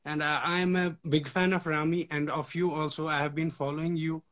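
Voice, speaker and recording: A man's voice: on the high side, level tone, a little fast, a bit bright. A man from Kashmir with an Indian accent, calling in to a live show, polite and eager, with many hesitations. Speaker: caller.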